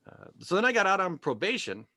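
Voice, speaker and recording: A man performing stand-up over a video call, his bright, slightly high voice leaping up and down as he spins wry stories toward each punchline. The sound is close and dry, with no room around it. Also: very animated, fast, no room sound. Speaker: stand-up comedian. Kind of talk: stand-up set. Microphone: video call microphone.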